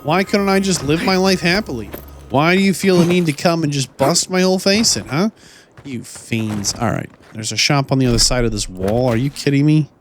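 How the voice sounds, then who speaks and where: Commentating as he plays, a let's play host theatrically rants at enemies in mock indignation. His voice is a little high and expressive at a moderate pace, with a slight hiss or hum in the recording.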